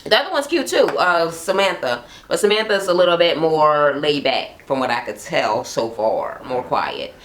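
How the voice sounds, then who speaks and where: A woman's voice: fairly low pitch, a bit bright. A woman casually recapping a reality show for her channel, blunt and profane, laughing often. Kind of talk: casual gossipy recap chat. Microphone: camera mic, talking to camera at home.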